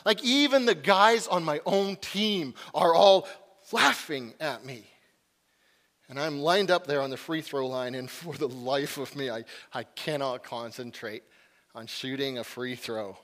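Man, pastor, sermon story, fairly high voice, animated then hushed, long hall echo. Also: measured pace. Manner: animated storyteller, dropping to a hushed voice for calm moments.

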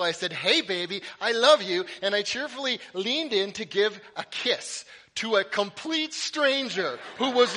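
A middle-aged man preaching a sermon in a church, telling lively stories with playful asides. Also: high voice. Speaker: pastor. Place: church sanctuary. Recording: long hall reverb.

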